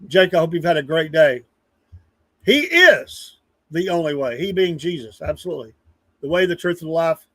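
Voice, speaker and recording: A man's voice: a little high, animated, moderate pace, sharp tone, dry recording. Rambling man chatting with viewers. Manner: rambling, earnest, talks back to chat by name. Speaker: livestream news show host. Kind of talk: casual live-stream chat, reading viewer comments.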